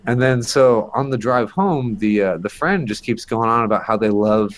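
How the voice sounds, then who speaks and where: A man's voice: medium pitch, normal speed. A man telling a creepy story as a podcast guest, in a rambling, casual way full of fillers and the odd swear.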